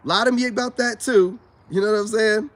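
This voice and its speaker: Talking fairly quickly, this vlogger has a high, fairly bright voice with fairly even intonation. He casts himself as a spiritual adviser, delivering a casual, boastful and preachy monologue to camera. He calls his viewers brothers and keeps repeating himself.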